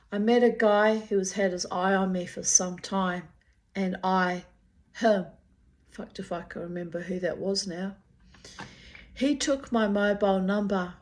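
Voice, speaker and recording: An older Australian woman reading aloud from her old diary with candid, chatty asides and frequent swearing. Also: medium pitch.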